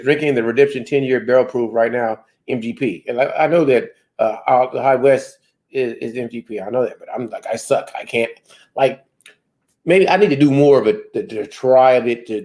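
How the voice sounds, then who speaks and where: A man's voice: mid-range voice, brisk, a little mellow. A man hosting a casual live stream, rambling loosely and laughing at himself. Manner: self-deprecating. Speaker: host.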